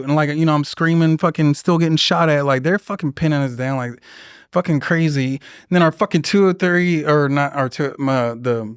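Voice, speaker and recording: A man's voice: on the high side, moderate pace, smooth, no echo, studio quality. Profane man telling a war story. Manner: profane, animated, acts out voices in his stories. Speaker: guest, Marine veteran. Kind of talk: casual storytelling.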